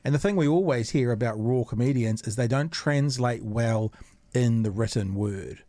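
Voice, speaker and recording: A man's voice: mid-range voice, moderate pace, dark tone, dry recording. A man hosting a casual podcast interview, asking long rambling questions. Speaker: podcast host.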